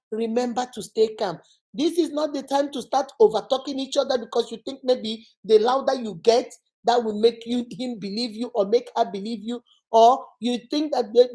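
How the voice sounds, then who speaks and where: A woman's voice: on the high side, darkish tone. A woman hosting a motivational relationship-advice talk, speaking emphatically and repeating her points. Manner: emphatic, repetitive, dramatic acted-out quotes.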